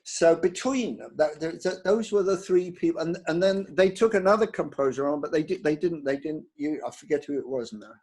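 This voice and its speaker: Older guy, husky and a bit high, keeps restarting his words but tells stories with spark. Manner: halting, restarts words often, lively storytelling. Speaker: composer, interview guest. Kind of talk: anecdotal career interview.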